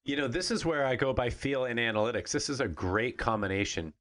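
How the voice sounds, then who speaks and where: A man who used to be a pitcher gives candid opinions on a casual sports podcast, repeating himself as he talks. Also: fairly quick, a bit bright. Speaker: podcast co-host, former pitcher.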